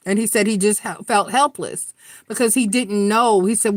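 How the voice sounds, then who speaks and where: A woman's voice: mid-range voice, steady tone, measured pace, dry recording. A middle-aged woman giving a live tarot reading, talking frankly and earnestly to her viewers and swearing freely. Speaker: tarot reader.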